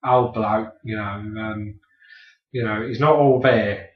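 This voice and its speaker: Blustering bloke in a roomy demo. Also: male voice, fairly low pitch, steady tone, takes it slowly. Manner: blustering pub-bloke banter, heavy swearing. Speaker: comedian. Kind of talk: improvised comedy sketch. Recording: roomy, distant, dull lo-fi demo recording.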